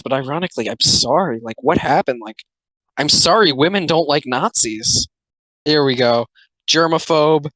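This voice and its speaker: A man giving sarcastic, swearing comedic commentary, jumping between deadpan muttering and loud outbursts. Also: medium pitch, no room sound, poor audio.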